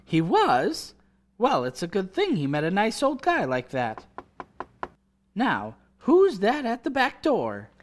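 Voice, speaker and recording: An actor playing a flustered, excitable husband and father in a 1940s radio drama. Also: sits high, slow pace, slight background noise, heavily acted. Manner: flustered, exclaiming.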